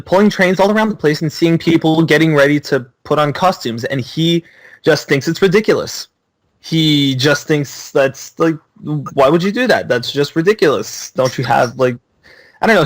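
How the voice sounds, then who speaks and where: A man casually pitching a short holiday story, offhand and full of fillers. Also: no echo, rough recording.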